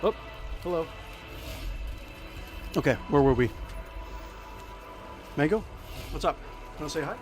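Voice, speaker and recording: Slow-talking man with a fairly high voice. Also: expressive, soft background music. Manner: playful, chatty, thinks aloud, makes little sound effects. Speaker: gameplay commentator. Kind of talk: casual let's play commentary.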